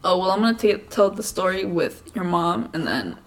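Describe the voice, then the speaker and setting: A young woman co-hosting a podcast, telling childhood stories in a casual, profane, animated way. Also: fairly low pitch, a little fast. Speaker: podcast co-host. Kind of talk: casual storytelling chat.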